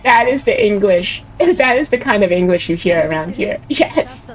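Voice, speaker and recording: A woman's voice: medium pitch, lively intonation, normal speed, rough recording. A young woman VTuber chatting while she plays a game. She rambles, giggles and mimics voices. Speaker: VTuber streamer. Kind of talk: casual chat while gaming.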